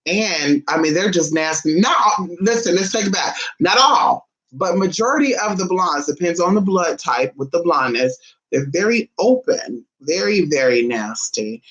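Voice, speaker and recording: A man chats to his viewers in a loose, gossipy way, calling them y'all and honey. His voice sits a little high for a man and jumps around a lot in pitch. He drops into quiet asides, then bursts out loudly. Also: lively intonation, moderate pace, lo-fi sound. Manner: swings from soft asides to loud exclamations. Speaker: vlogger. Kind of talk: casual chat to viewers.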